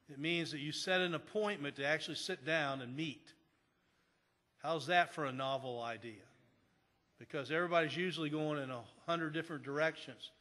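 Speaking with a sharp tone and a voice on the high side, a man preaches as pastor in a church sanctuary. His storytelling is conversational with frequent restarts, and the recording carries long church hall reverb.

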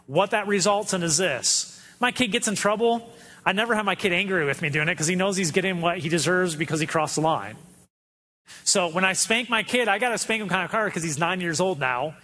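A man's voice: sits high, fairly quick, pushed and bright. A man in his thirties preaching a sermon in a conversational way, acting out quotes from his kids. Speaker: pastor. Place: church auditorium.

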